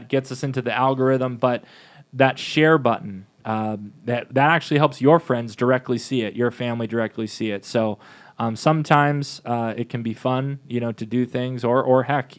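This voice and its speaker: A man co-hosting a parish podcast, chatting casually in a rambling way with many fillers and restarts. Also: mid-range voice. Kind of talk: casual chat.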